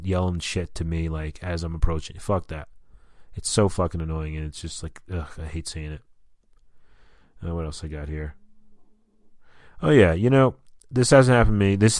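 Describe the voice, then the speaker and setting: A man's voice: sits low, darkish tone, no room sound. A man hosting a casual solo podcast, talking in a rambling, candid way and swearing often. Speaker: podcast host. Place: lives in Albuquerque.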